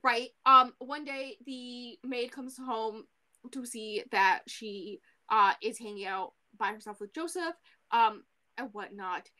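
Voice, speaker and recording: A woman co-hosting a podcast, casually recapping a book in an animated way, full of fillers and the odd swear. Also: a little high, takes it slowly. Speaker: podcast co-host.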